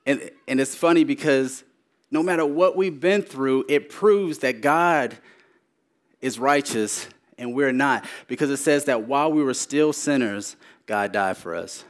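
A man preaching his personal testimony, repeating phrases for emphasis and moving between raised, urgent lines and hushed ones. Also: mid-range voice, a little slow. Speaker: speaker sharing his testimony.

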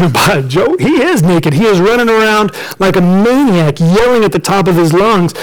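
A man preaching a storytelling sermon, lively and joking as he acts out the characters. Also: sits high, normal speed, rough recording.

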